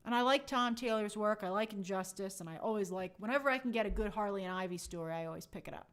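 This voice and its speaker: A woman's voice: medium pitch, fast talker. A young woman hosting a casual livestream, chatting and answering viewer comments with a sarcastic edge. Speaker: host answering live chat.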